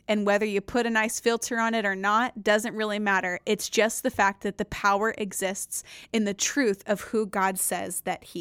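A woman at a middle pitch leads a devotional podcast, reading scripture aloud and then unpacking it. She talks in an earnest, conversational way and leans hard on key words. Her voice sounds dry and close, with no room around it. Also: a bit bright, clean tone, dry recording. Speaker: podcast host. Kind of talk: devotional Bible reading and teaching.

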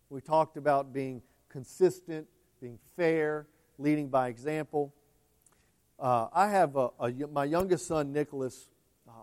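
A pastor preaching a sermon with passion, swinging between hushed, tender passages and loud, emphatic ones. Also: male voice, mid-range voice.

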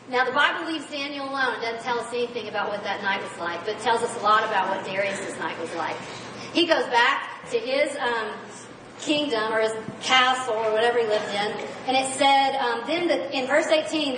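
A woman preacher giving an animated, expressive sermon, recorded from far off in a large hall. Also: high voice, a little hiss or hum.

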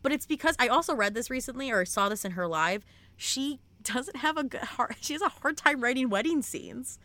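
A young woman co-hosting a podcast, chatting casually and excitably about books and swearing freely. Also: sits high, a little fast, no room sound. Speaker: podcast co-host. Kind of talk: casual book chat.

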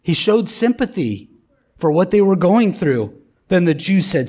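High-voiced middle-aged man preaching. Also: big pitch swings, unhurried, a little mellow. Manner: conversational, emphatic, asks the congregation for responses. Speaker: pastor. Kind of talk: sermon.

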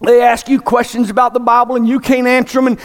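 A man, preaching a sermon as pastor in an emphatic style that climbs to near-shouts. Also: extremely high pitch, monotone, fast. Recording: echoey hall.

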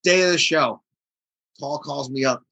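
A man with a bright, somewhat husky voice tells a story in a casual interview. He speaks with lively energy and acts out the other people in it. The sound is dry and close. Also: a little high, unhurried, no echo, rough recording. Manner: animated storyteller acting out quoted voices. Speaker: guest drummer.

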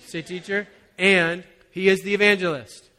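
A man preaching as a pastor, telling a personal story in a relaxed, conversational way with frequent chuckles. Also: high voice, moderate pace. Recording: long hall reverb.

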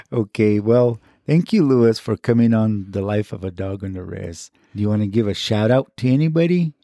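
A woman podcast host with a very deep, dark voice asks a child a stream of gentle, playful questions. The sound is dry and close, recorded in a podcast studio. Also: lively intonation, normal speed, no room sound. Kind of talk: casual interview of a child.

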